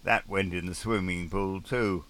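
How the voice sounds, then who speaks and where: A man's voice: low-pitched, fairly even intonation, a little slow, fairly bright tone. A man doing a put-upon posh sailor. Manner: mock-aristocratic complaining.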